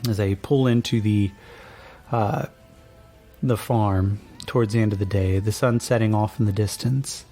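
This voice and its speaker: Gravelly laid-back male game master. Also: fairly low pitch, steady tone, unhurried, dark tone, soft background music. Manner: laid-back, rambling, many fillers. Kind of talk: narrating a tabletop game.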